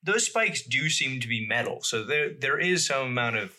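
Bright-voiced man reading fun facts. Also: medium pitch, lively intonation, moderate pace. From Boston area. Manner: reads facts aloud, laughs often, hesitant fillers. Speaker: podcast co-host. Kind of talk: casual chat.

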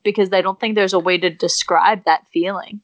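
A woman's voice: fairly low pitch, fairly even intonation, fairly quick, dry recording, highs cut off. A woman co-hosting a podcast, talking enthusiastically and swearing casually. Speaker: podcast co-host. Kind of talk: casual chat.

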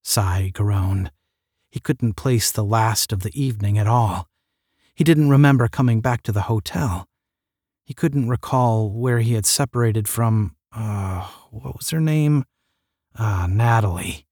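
A man narrating a science fiction audiobook in a steady, measured reading. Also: fairly low pitch, no room sound, clean studio sound.

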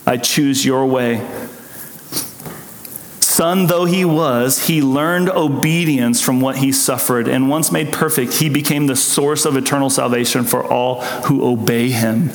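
A man's voice: medium pitch, measured pace. Earnest male pastor in echoing hall. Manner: earnest, emotional testimony with rising intensity. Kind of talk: sermon. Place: church sanctuary. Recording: echoey hall with long reverb.

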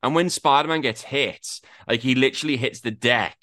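A man's voice: medium pitch, normal speed, no room sound, studio quality. A man hosting a casual gaming chat, ranting and swearing freely about an old game. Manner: swears freely, ranty and animated. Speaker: podcast host.

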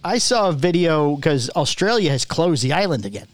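Halting, highish male podcast host. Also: very animated, no echo. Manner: halting, repeats words as he goes. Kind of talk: casual chat. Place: Florida studio.

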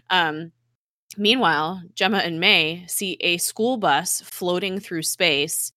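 A woman with a bright, forceful voice that sits a little low, chatting casually through a recap of a show. She keeps slipping into the characters' lines and leans on "like" as a filler. The recording is dry and close, with no room sound. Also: slow, no echo. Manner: chatty retelling, acts out dialogue, many "like" fillers. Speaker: podcast host recapping a TV episode. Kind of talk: casual chat.

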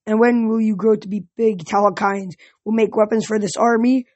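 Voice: medium pitch, steady tone, moderate pace, a little mellow, no echo, natural voice. A reader doing a stern monster teacher. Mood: lecturing. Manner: lecturing, questioning a class. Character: monster instructor, tall sea-dog creature, stern.

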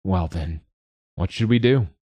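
A man voicing a weary, gentle father, speaking softly and low. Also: a little slow, slightly rough, no room sound. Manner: soft, weary.

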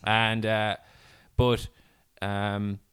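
A man's voice: on the low side, flat delivery, very slow, fairly bright tone, smooth. An Irish man hosting a comedy podcast, telling stories in casual, sweary chat and slipping into acted quotes.

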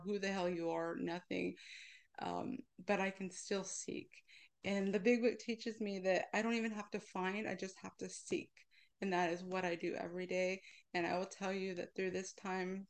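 Woman, gravelly and frank, emotional personal share on a video call. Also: mid-range voice. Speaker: meeting speaker. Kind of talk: personal share at a support meeting.

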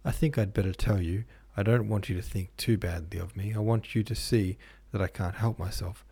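A man reading the part of a regretful young man who speaks gravely and quietly. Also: fairly low pitch, fairly even intonation, fairly quick, dry recording.

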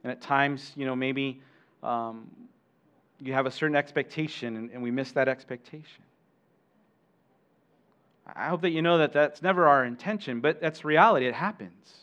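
A man's voice: medium pitch, normal speed, long pauses, smooth, dull audio. Conversational male pastor preaching. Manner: conversational, warm asides to congregation, self-correcting restarts. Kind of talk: sermon.

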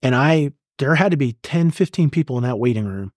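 Talking fairly quickly with lively intonation, a medium-pitched middle-aged American man tells his story as an interview guest. He is a retired command sergeant major, and he is blunt, profane, and emotional. Clean studio audio, no room sound.

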